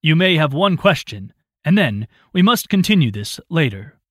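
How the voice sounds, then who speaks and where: A man voicing a brisk, commanding older mentor in a storybook reading. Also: on the high side, very animated, a bit bright, no echo, studio quality, voice pushed up.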